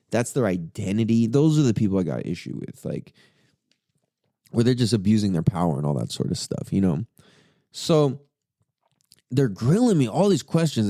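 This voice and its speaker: A man's voice: dry recording, studio quality. A man hosting a podcast, telling a story in a casual, profane way, with his voice jumping up when he quotes his own thoughts. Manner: animated and profane, pitch jumps when quoting himself. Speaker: podcast host.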